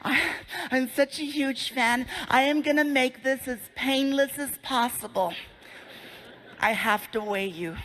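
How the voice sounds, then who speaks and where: A woman's voice: high voice, unhurried, a bit bright, a little hiss or hum. A man voicing a friendly, adoring female nurse who speaks sweetly and politely.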